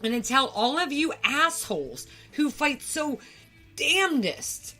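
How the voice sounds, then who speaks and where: A woman's voice: fairly high pitch, animated, unhurried, bright, forceful tone, soft background music. A woman from the United States co-hosting a podcast, talking in a heated, profane, emphatic way. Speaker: podcast co-host. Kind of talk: angry rant on a podcast.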